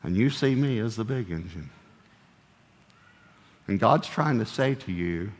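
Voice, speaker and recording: Low-voiced older male pastor preaching. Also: lively intonation, measured pace, pauses often, big-room sound. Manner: conversational storytelling with playful humor. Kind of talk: sermon.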